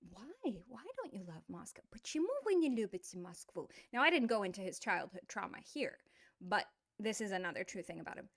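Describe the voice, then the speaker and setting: A middle-aged woman teaching an online language lesson, explaining in a playful, animated way with quick asides. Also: mid-range voice, vocal fry, no echo, clean studio sound.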